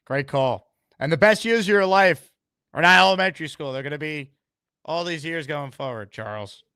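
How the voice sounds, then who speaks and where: Male call-in host, bright forceful voice, dry close sound, likes to tease. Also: fairly high pitch, moderate pace, clear, resonant tone, no echo. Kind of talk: live call-in show.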